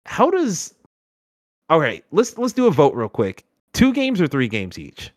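A man hosts a casual podcast chat, his pitch leaping around as he jokes and fills pauses with ums. He sits close to a dry mic. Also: dry recording. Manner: animated, joking, many fillers. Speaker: podcast host.

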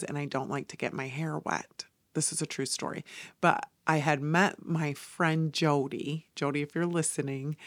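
A woman hosting a podcast, telling a story in a casual, animated way and slipping into soft whispered asides. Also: low voice, no echo. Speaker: podcast host and salon owner.

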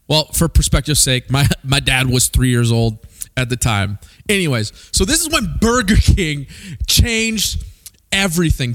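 A young man from Missouri preaching a sermon, animated and peppering the crowd with rhetorical questions. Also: a little high. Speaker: pastor.

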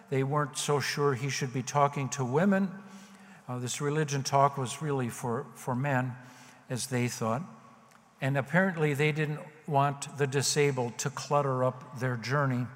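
A male pastor delivers a sermon in a relaxed, conversational way and pokes fun at himself along the way. His voice sits a little high. Long reverb from a large hall trails behind his words. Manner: conversational, self-deprecating preaching.

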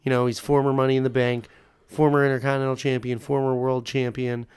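A young man with a smooth, clear voice co-hosts a relaxed podcast. He chimes in with short remarks and a lot of fillers. The recording is close and dry. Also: mid-range voice, fast, no echo. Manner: short agreeing interjections, fillers like "like". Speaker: podcast co-host. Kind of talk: casual wrestling review chat.

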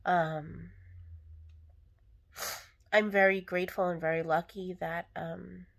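A woman's voice: fairly low pitch, flat delivery, takes it slowly, creaky. Candid rambling young woman podcaster. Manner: rambling, filler-heavy, candid and emotional. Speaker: podcast host. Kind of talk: casual solo podcast monologue.

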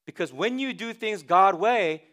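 A male pastor with a noticeably high voice preaches a sermon. He talks conversationally but with emphasis, pressing his listeners with repeated questions. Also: expressive, unhurried, a bit bright.

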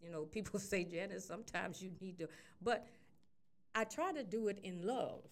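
Middle-aged woman, chatty radio storyteller, animated delivery. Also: medium pitch, normal speed. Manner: animated storyteller, acts out quotes. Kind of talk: casual storytelling chat.

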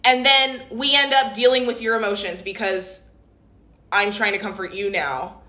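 A woman with a bright, sharp-edged voice reasons things through thoughtfully in casual podcast chat. Her voice carries a roomy echo. She sounds analytical as she talks. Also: mid-range voice, fairly even intonation, moderate pace.

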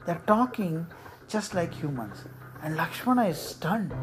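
Chatty storyteller over soft music. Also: medium pitch, sing-song, a little slow. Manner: conversational, many fillers and "right?" checks. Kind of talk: oral storytelling with asides to the listener. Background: instrumental music.

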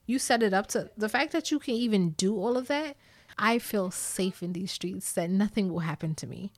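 A woman's voice: medium pitch, normal speed. A woman with a New York accent talking candidly to her viewers, blunt and emphatic, with plenty of swearing. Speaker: vlogger. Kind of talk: candid storytime talk to viewers.

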